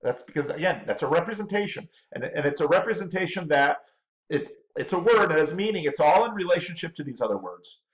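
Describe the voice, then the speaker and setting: A man with a fairly high-pitched voice, a pastor pausing a clip to comment on it. He thinks aloud as he goes, stops and restarts, and doubles up words before he lands a point. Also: sing-song, muffled recording. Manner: stop-start, repeating words while thinking aloud.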